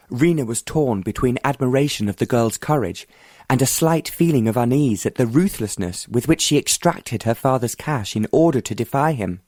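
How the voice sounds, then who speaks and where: A man narrating an audiobook in calm, measured storytelling. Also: medium pitch, dry recording, studio quality. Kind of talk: scripted narration.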